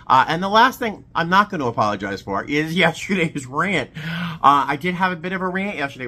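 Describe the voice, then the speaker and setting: A man vlogging casually to camera at home, chatty and animated, with a sarcastic edge. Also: medium pitch. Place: living room at home. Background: traffic noise through open door.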